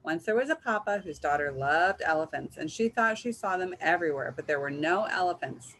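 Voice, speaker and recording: A woman reading a picture book aloud in a gentle, measured storytelling manner. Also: lowish voice, animated, a little hiss or hum, low-quality recording. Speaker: reader.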